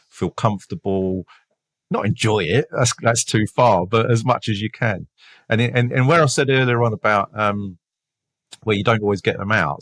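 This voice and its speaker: Male detective, London accent, low voice, chatty podcast storyteller who stumbles over his words, dry close recording. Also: no echo. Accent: London English. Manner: animated, many restarts and repeated words; laughs while telling stories.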